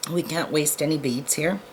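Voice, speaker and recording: Against very noisy surroundings, a woman with a low voice runs a laid-back beading tutorial, chatting to the audience as she works and cracking self-deprecating jokes while sorting beads.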